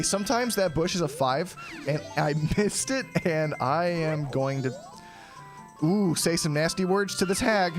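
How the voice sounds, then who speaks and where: A young man narrates his own live stream in loose, rambling chatter, pausing often to clear his throat. His voice sits a touch higher than most men's. Faint game music plays beneath him. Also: lively intonation. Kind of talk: casual live-stream commentary.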